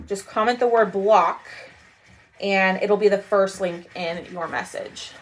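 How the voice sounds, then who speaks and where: A woman's voice: medium pitch, fairly even intonation, measured pace, a little hiss or hum. A woman in her thirties from Texas with a twang, hosting a chatty craft livestream and greeting viewers as she reads their comments. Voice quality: laughs often.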